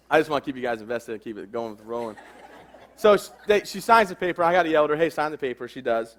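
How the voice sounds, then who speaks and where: A man's voice: a little high, animated, fast talker, fairly bright tone, a little hiss or hum. A man in his twenties giving a humorous motivational speech, telling a story and acting out the dialogue. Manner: joking storyteller, acts out quoted dialogue. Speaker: motivational speaker.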